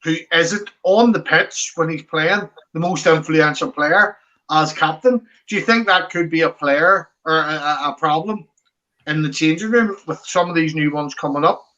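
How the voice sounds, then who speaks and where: A Northern Irish man chimes into a casual football chat, often jumping in with quick agreements. His voice sits fairly high and sounds bright, but the recording is dull and lo-fi. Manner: chatty, jumps in with short agreements. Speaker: fan panellist.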